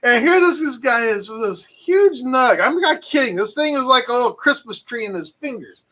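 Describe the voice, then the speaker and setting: A man casually telling a long, animated story full of fillers and restarts. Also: very high-pitched, normal speed, poor audio. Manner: animated, rambling anecdote with frequent fillers. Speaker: channel host.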